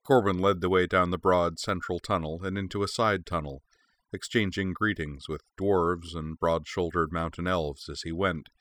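Deep-voiced man narrating an audiobook. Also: fairly even intonation, normal speed, a bit bright, no room sound.

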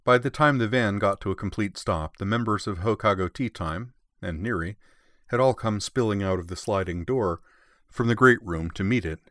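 A man reading a story aloud in an expressive, measured way. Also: lowish voice, dry recording, clean studio sound. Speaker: story reader. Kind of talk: reading fan fiction aloud.

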